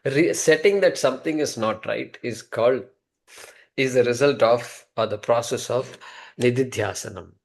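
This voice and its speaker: A man teaching a scripture class, conversational and repeating key terms as he explains. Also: medium pitch. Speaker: Vedanta teacher.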